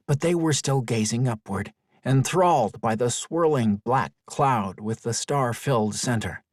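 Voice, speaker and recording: Male storybook narrator, animated pitch, mid voice, dry booth recording. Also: dry recording. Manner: expressive storytelling. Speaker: audiobook narrator. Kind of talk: scripted narration.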